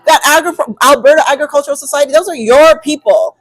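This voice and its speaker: A woman co-hosting a podcast, talking emphatically and acting out quick inner monologues. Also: high voice, dry recording, rough recording. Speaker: co-host. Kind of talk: animated podcast conversation.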